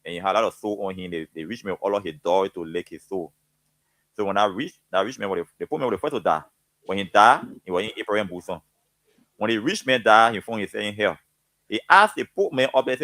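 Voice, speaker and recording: Speaking fast with a lowish, expressive and somewhat bright voice, this guest commentator from Liberia is clearly stirred up and emotional. His political talk is impassioned, fervent and preachy, and he keeps repeating himself. It's a dry recording.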